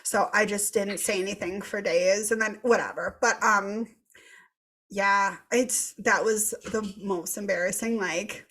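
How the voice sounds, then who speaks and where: A woman in her thirties telling a candid, animated story in casual chat, swearing freely and acting out what people said. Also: medium pitch, unhurried. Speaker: podcast co-host.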